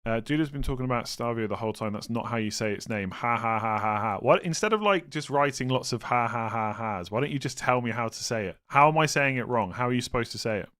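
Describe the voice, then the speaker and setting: Young male streamer, mid-range voice, relaxed chat-reading delivery with self-deprecating jokes. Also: mid-range voice, fast, hardly any pauses. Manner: thinks aloud, reads chat, self-mocking humor. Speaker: streamer answering viewer questions. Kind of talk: casual live stream chat.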